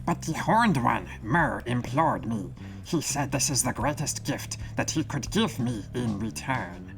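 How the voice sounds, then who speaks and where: A man voicing a small, stubborn male creature scribe in a high, squawking, duck-like voice, reading game text aloud. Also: lively intonation, unhurried, gravelly, over music. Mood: earnest.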